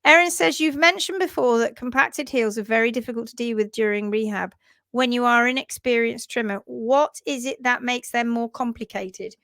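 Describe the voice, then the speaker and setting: A woman's voice: on the high side, normal speed, fairly bright tone, dry recording. A woman hosting a casual livestream, upbeat and chatty, reading out viewer comments and teaching about hoof care.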